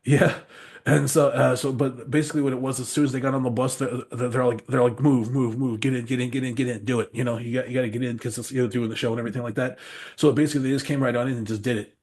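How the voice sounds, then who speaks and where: Husky, quick-talking man; loose, swearing podcast raconteur. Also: medium pitch. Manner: rambling and animated, laughs often, swears freely. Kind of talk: casual storytelling chat.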